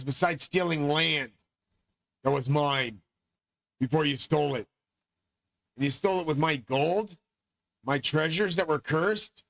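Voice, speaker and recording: A man's voice: a little high, fairly bright tone, no room sound, rough recording. A middle-aged man delivering a rambling, profane, grandiose monologue as host of his own channel.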